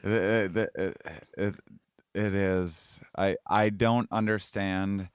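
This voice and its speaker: A man's voice: deep voice, steady tone, heavy background noise. A man guesting on a podcast, speaking casually with frequent restarts and chuckling at himself. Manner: halting, repeats words, laughs at himself. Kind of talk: casual conversation.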